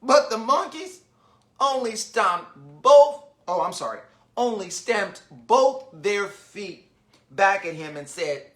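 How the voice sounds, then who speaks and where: A man reading a children's storybook aloud online, with animated, chatty asides to young listeners. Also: high voice, slow pace. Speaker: children's book reader, literacy founder. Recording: roomy echo.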